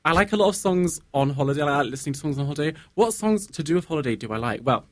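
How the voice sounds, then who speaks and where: A man's voice: fairly high pitch, animated, very fast. A young man, the guest, chatting casually on student radio in a rambling way, full of fillers and restarts. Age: young adult.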